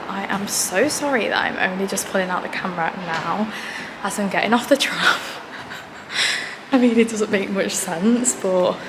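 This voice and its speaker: A young woman chatting casually to her phone camera as a lifestyle vlogger, rambling and frank with lots of asides. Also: medium pitch. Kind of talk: casual vlog chat to camera. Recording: roomy, with clear background noise.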